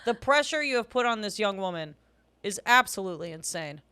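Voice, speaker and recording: A woman's voice: medium pitch, lively intonation, a little fast, pushed and bright, clear, resonant tone. A young adult woman co-hosting a comedy podcast, blunt and laughing often, swearing in casual chat. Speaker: podcast co-host.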